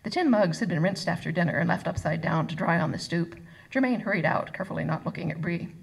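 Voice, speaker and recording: A woman author reading her novel aloud at a live event, expressive and voicing each character. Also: fairly low pitch, fast talker, gravelly, husky, rough recording. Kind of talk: live first-person book reading. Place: arts center reading event.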